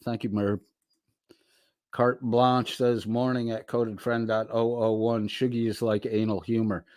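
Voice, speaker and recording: A man's voice: medium pitch, level tone, darkish tone, no echo, studio quality. A middle-aged man hosting a casual livestream, reading out chat messages and answering them with loose, profane banter. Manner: slow, drawling, profane banter.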